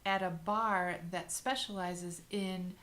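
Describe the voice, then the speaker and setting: A woman with a fairly low voice explains in a relaxed, casual podcast chat. She speaks easily and at an even clip. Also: slow pace.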